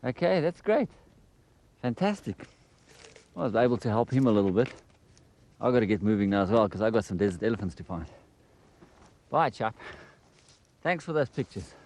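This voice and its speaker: A man presenting a wildlife documentary on location outdoors in a desert, chatting lively and coaxing an animal he photographs. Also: fairly low pitch, normal speed, pauses often.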